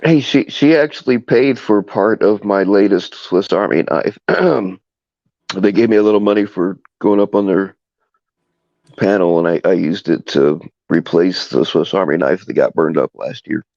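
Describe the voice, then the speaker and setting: A man's voice: low-pitched, normal speed, gravelly, darkish tone, no echo. A man hosting a livestream, chatting and joking with his viewers. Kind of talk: casual chat. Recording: dull, dry lo-fi sound.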